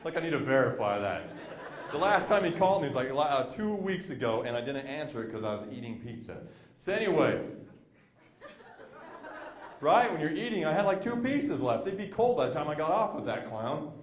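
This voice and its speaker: A man's voice: a little high, very animated, a little fast. A young man doing a stand-up comedy set, telling rambling, self-deprecating stories with quoted asides. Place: comedy club stage. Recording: echoey club room. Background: audience laughter.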